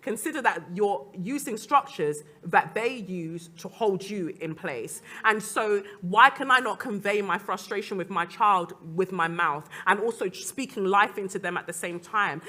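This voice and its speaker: A woman's voice: mid-range voice, bright, forceful tone. A young adult woman, a guest speaker on a panel, talking earnestly and reflectively, with laughs between her points. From Nigerian descent. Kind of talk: panel talk.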